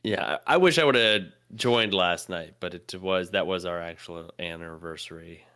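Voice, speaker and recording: A man co-hosting a comedy podcast, chatting casually and dropping dry, deadpan jokes. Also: low-pitched, moderate pace, smooth, no echo. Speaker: podcast co-host.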